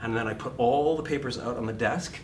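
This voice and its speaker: A man in his fifties, an acting teacher, giving a lively seminar talk to a class, self-deprecating and swearing freely. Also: a little fast. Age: 50s. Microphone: distant room mic. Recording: echoey room, far mic, rumbling noise.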